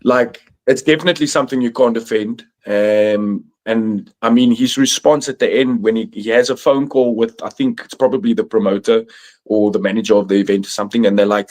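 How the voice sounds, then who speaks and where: A man's voice: medium pitch, a little fast, darkish tone. A young man talking casually on a podcast panel, rambling with many fillers and restarts. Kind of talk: casual chat.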